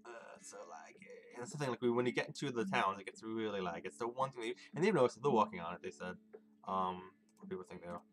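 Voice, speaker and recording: A man's voice: lowish voice, animated, fast. Chatty male streamer over game music. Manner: chatty, rambling, swears casually, answers chat. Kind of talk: casual gaming stream chat.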